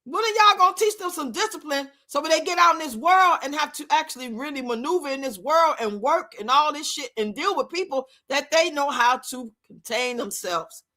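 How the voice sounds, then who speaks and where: A woman's voice: high-pitched, lively intonation, brisk, few pauses, pushed and bright. A woman streamer giving blunt, profane commentary in a casual live-stream rant. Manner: blunt, profane, rants and scolds with lots of swearing. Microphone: streaming mic.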